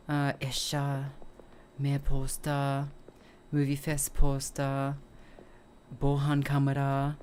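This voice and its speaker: A woman, chatting casually as a streamer while reviewing a film, ending her sentences with "right?". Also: sits low. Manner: acts out the character with short mumbled lines and cries. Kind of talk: casual chat.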